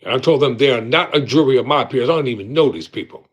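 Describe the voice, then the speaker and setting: A man's voice: medium pitch, lively intonation, fast, slightly rough. A man hosting a live commentary show, talking angrily and with heavy emphasis, repeating his points for force.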